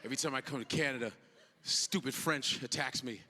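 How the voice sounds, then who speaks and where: A man performing a stand-up comedy set on a club stage, acting out characters with sudden shouted outbursts. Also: medium pitch, brisk. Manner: animated, acts out characters with big shouted outbursts. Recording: live club recording with audience noise.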